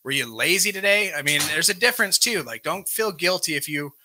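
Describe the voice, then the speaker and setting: A man leads a live recovery group. His voice is bright and forceful, sitting a little high. He speaks plainly, reading each item from a workbook and then explaining it. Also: expressive, brisk, slight background noise. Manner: plain-spoken, reads defects from a workbook and explains them. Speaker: recovery meeting host. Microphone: live stream microphone.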